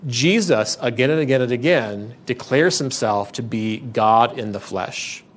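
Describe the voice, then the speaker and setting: Pastor guy preaching in church, earnest and emphatic, keeps restarting his sentences, normal mid-pitch voice. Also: a little slow. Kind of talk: sermon.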